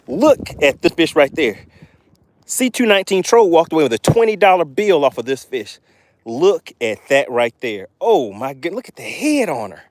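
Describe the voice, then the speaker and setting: Excitable male fishing streamer, animated, slightly high voice. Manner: excitable, exclaiming. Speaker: fishing livestream host. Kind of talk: live fishing commentary.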